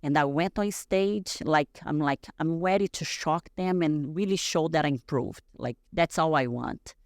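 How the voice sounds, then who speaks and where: A woman's voice: sits low, measured pace, no room sound, clean studio sound. A woman in her thirties from Brazil, telling a story as a podcast guest and acting out the dialogue, full of fillers. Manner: animated, acts out dialogue, many fillers. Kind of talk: storytelling in casual conversation.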